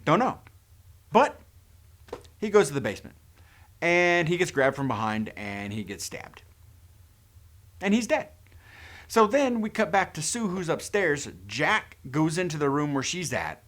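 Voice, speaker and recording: A man's voice: fairly high pitch, big pitch swings, a little slow, long pauses, a bit bright. A man casually retelling a horror movie's plot as a reviewer, with sarcastic, incredulous asides. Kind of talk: casual plot recap and commentary.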